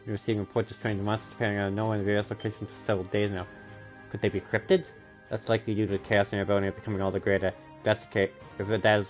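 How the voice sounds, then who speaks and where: A man streaming live, reading game dialogue aloud and often correcting himself mid-line. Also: on the low side. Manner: reads lines aloud with frequent self-corrections.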